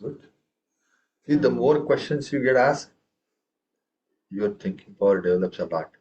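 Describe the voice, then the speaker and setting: A man leads a tabla lesson at a steady, mid-range pitch. He keeps asking his students questions and stresses the first syllable hard when he recites drum phrases. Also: unhurried, low-quality recording. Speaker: tabla teacher. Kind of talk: online group music lesson.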